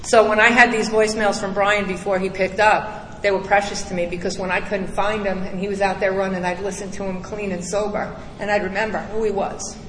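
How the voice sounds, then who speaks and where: A woman's voice: medium pitch, level tone, a little fast, a bit bright, a little hiss or hum. A middle-aged woman giving a candid, emphatic recovery testimony to a crowd, recorded in a large hall. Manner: candid, emphatic, blunt storytelling. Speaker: recovery speaker. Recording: echoey hall, distant mic.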